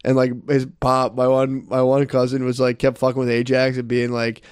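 A man's voice: mid-range voice, little pitch movement, a little fast, darkish tone, no room sound. Young Philly guy, rambling profane anecdotes, dry close recording. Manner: rambling, profane, laughing through his stories. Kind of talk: casual storytelling chat.

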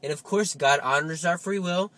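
A man giving a lively Catholic teaching talk, full of rhetorical questions and coaxing asides. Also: fairly high pitch, normal speed, no room sound. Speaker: Catholic speaker. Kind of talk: spoken religious teaching.

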